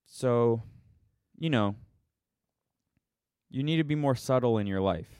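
A vlogger rants casually to his viewers, sarcastic and meandering, poking fun at himself as he airs his opinions. His medium-pitched voice is animated yet slow-paced, darkish and smooth, in studio-quality audio without room sound.

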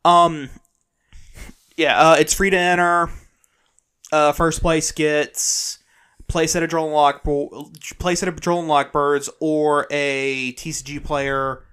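Hesitant American man, slightly high voice. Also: slow, smooth. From United States. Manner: hesitant, lots of ums, relaxed. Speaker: podcast co-host. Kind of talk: casual chat about card games.

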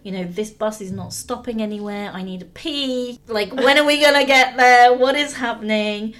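Woman doing a grumbling, exasperated young guy in an anecdote; high and fairly loud. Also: normal speed, lightly acted. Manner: complaining, shouting. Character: exasperated young man, traveling friend, grumbling.

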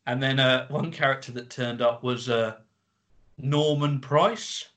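A man's voice: mid-range voice, fairly even intonation, a little slow, background noise. A man co-hosting a casual comedy podcast, joking and acting out quotes as he tells anecdotes. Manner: jokey, acts out quoted voices. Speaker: podcast co-host.

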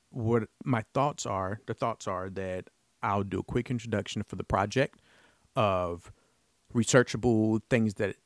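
Male podcast host, low voice, earnest and rambling, dry close sound. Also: no echo. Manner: rambling, earnest, frequent restarts and fillers. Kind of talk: casual solo podcast talk.

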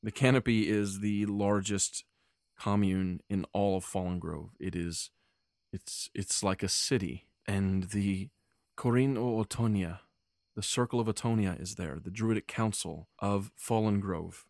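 A man's voice: fairly low pitch, unhurried, darkish tone, no room sound, clean studio sound. A man voicing a hesitant noble wood elf woman who stammers and speaks evasively, barely changing his own voice. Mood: earnest.

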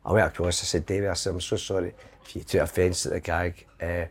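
A man's voice: sits low, flat delivery, quick pace, slightly rough. A middle-aged Scottish man telling rambling comic anecdotes, slipping into quoted voices. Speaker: comedian guest. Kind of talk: casual storytelling.

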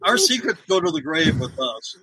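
A man's voice: sits high, huge pitch swings, a little slow, bright, forceful tone, husky, dry recording, rough recording. A middle-aged man, a former wrestler, telling road stories in a casual interview and laughing often. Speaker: guest, former pro wrestler.

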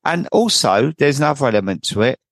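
A man's voice: medium pitch, animated, fast talker, creaky. A man with a mid-range voice hosts a podcast in an affirming, chatty way. He often restarts his sentences and tags on questions like "isn't it?". His voice is recorded dry and close, with no room echo. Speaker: podcast host and sobriety coach. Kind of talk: conversational interview.

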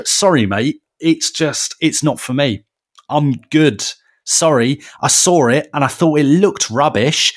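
A man, co-hosting a podcast in casual, animated chat, often ranting and restarting his sentences. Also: on the high side, a little slow. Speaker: podcast co-host.

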